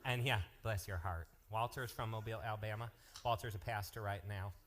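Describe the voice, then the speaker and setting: A man working as a youth pastor, making lively, joking announcements and telling stories to a live youth group. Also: on the low side, fairly quick. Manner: energetic, joking, jumps between topics.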